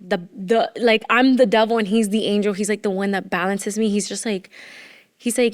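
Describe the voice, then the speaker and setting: A woman's voice: mid-range voice, steady tone, normal speed. Candid woman recounting hard years. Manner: emotional, rambling with many "like" fillers. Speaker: podcast guest, former entrepreneur. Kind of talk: candid conversational storytelling.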